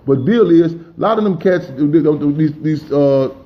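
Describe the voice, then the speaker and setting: A man's voice: fairly high pitch, measured pace, muffled recording. A man hosting a political talk radio show, speaking with passion and often saying "you know what I'm saying".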